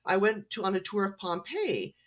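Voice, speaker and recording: A woman's voice: medium pitch, very animated, moderate pace. A woman from Canada, an author guest on a podcast, telling stories in a friendly, chatty way. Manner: friendly, storytelling. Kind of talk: casual interview chat.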